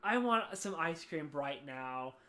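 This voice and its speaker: A man co-hosting a podcast while drunk, rambling loudly and swearing in casual chat. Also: fairly high pitch, expressive, takes it slowly. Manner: rambling, loud, profane. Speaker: podcast co-host. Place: at home, on the floor.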